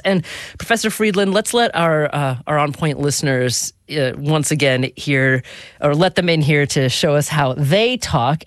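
A woman's voice: sits low, no room sound, clean studio sound. A woman hosting a radio interview, phrasing her questions in a thoughtful, searching way. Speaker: radio host. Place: radio studio.

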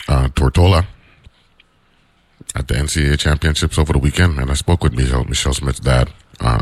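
A man hosting a morning radio talk show in a relaxed, chatty way. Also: rumbling low, dry recording. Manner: relaxed, chatty, loose island phrasing.

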